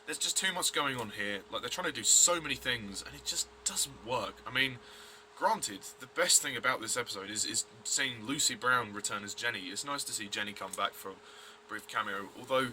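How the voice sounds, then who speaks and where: A man's voice: mid-range voice, fairly quick, hardly any pauses, bright, forceful tone, a little hiss or hum. A man giving a blunt, rambling review of a TV episode, full of fillers and restarts. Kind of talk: casual review vlog.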